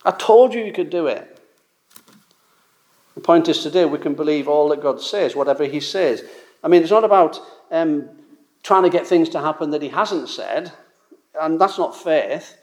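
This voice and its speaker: A man's voice: fairly high pitch, moderate pace. A man preaching an expository sermon. He talks emphatically, repeats his points and asks rhetorical questions.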